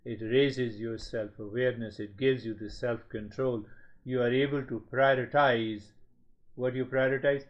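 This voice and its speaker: A man giving a spiritual talk as a teacher, speaking slowly in measured, repetitive phrases. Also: medium pitch, steady tone. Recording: slightly dull lo-fi sound.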